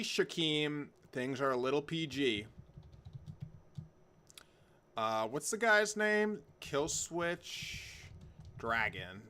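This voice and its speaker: A man's voice: a little high, bright, forceful tone. A young man hosting a live wrestling watch-along, rambling and joking while he reads and answers chat by name. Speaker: livestream host reacting to wrestling.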